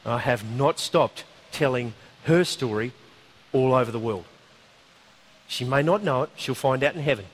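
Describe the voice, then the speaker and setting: A man preaching a sermon, telling a story in a conversational, animated way with asides. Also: medium pitch, moderate pace, slight background noise.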